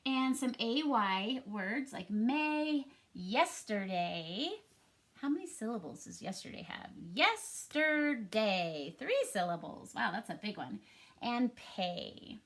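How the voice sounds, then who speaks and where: A woman teaches a first grade reading lesson for a home recording, upbeat and encouraging in a sing-song teacher style. Her voice is a little high and expressive, and she speaks slowly.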